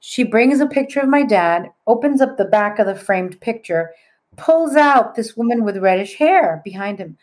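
A middle-aged woman with an average-pitched voice tells a story as a podcast guest. She is animated and conversational. She acts out the voices of the people in her story as she goes. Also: moderate pace.

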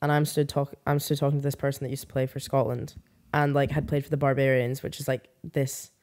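A young woman, a podcast guest chatting casually and telling animated, sarcastic stories. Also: rumbling low, brisk. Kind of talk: casual chat.

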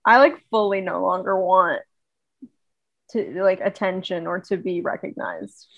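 A woman's voice: fairly low pitch, measured pace, a bit bright, no room sound, lo-fi sound. A woman co-hosting a podcast in casual, upbeat chat, full of "like" fillers. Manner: chatty, upbeat, many "like" fillers. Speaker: podcast co-host.

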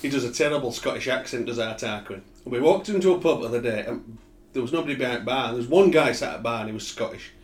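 A man's voice: medium pitch, fast. A man, co-hosting a casual chat and telling anecdotes with swearing and laughs. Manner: storytelling, swears, laughs often. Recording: echoey room.

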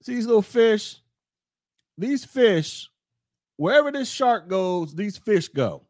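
Man, high voice, dry close sound, blunt rambling podcast monologue. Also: sing-song, slow pace, a little mellow, no room sound. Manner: blunt, rambling, talks straight to listeners. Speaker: podcast host.

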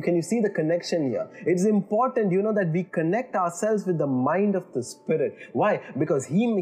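A man's voice: fairly high pitch, a little mellow. A man preaching a sermon in an earnest way, building emphasis and checking in with "you know" and "all right". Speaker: pastor.

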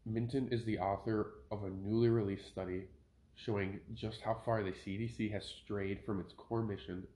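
Male podcast host, deep voice, opinionated reader, echoey home room. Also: flat delivery, moderate pace, mellow. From Minnesota. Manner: opinionated, ranting, self-correcting. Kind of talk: casual podcast commentary, reading an article aloud. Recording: roomy home podcast recording.

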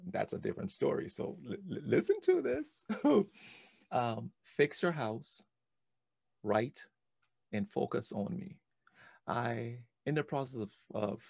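A man in his forties, a podcast host, telling a personal story in an animated way, often repeating and restarting words. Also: fairly low pitch, creaky, slightly rough, no room sound.

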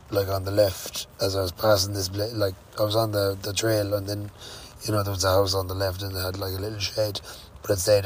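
A man's voice: low voice, a little hiss or hum, low-quality recording. An Irish man telling a rambling, sweary story about his day of touring by bike, full of fillers and slang. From Ireland. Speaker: touring cyclist vlogger. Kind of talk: casual storytelling.

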